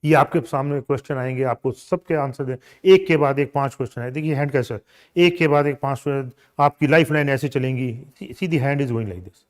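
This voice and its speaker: A man's voice: mid-range voice, racing. A man in his sixties with an Indian accent, giving an emphatic, demonstrative coaching lecture on interview skills.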